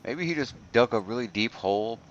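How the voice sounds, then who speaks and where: A man's voice: mid-range voice, expressive, fairly quick, crowd noise. A man chiming in during a casual group chat, laughing easily. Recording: dull lo-fi sound with hiss.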